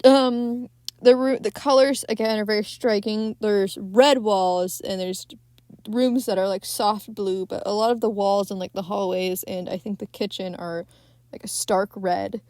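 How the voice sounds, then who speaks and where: A young woman talks through a film on her podcast at a mid pitch. She rambles loosely with fillers and casual swearing. Her voice sits close and dry with no room sound. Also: steady tone, a little slow, darkish tone, no echo. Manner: rambling, many fillers, swears freely, frequent laughs. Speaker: podcast host.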